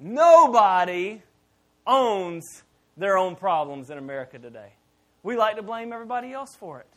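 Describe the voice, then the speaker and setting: A man preaching a sermon in church as pastor, animated and joking with the congregation. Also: sits high, normal speed.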